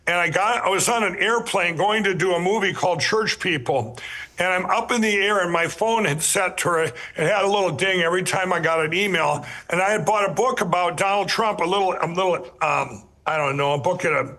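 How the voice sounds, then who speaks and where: High, bright-voiced man telling his story. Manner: rambling, with frequent restarts and repeated words; earnest, emphatic storyteller who addresses listeners directly. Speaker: podcast guest.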